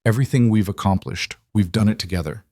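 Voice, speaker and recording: A man reading the lines of a gentle, steady frontier woman in a storybook tale, speaking softly. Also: fairly low pitch, fast talker, no room sound, clean studio sound, lightly acted. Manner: soft, tender quoted dialogue.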